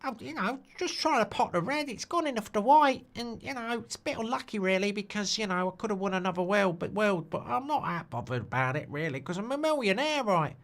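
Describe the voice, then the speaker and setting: A man's voice: high-pitched, animated, fairly quick, hardly any pauses, fairly bright tone, voice pushed up. Man doing a smug London snooker champ. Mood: offhand. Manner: offhand, boastful, tag questions.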